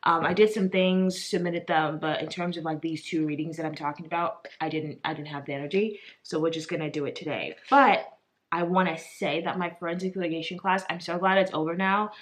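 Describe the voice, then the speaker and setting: A woman's voice: lowish voice, fairly even intonation, brisk. A woman in her twenties, a law student, talking casually to her vlog viewers in a chatty way, with frequent fillers and little laughs. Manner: chatty, lots of "like" and "um", laughs often.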